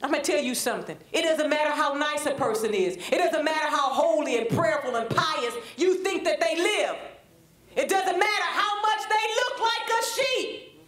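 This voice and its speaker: Animated and speaking at normal speed, a high-pitched, middle-aged woman with a Black lilt teaches the Bible in sermon style. Her slightly bright voice echoes around the reverberant church as she draws the congregation into call-and-response and builds to fervent preaching.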